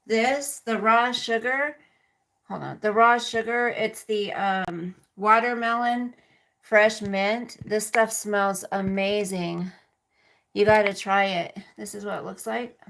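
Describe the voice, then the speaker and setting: A woman's voice: medium pitch, steady tone, takes it slowly, gravelly, fairly bright tone, rough recording. A woman in her forties chatting casually on a livestream, rambling and talking straight to her viewers while answering their comments. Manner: rambling and chatty, talks to viewers as "you guys". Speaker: livestreaming mom vlogger.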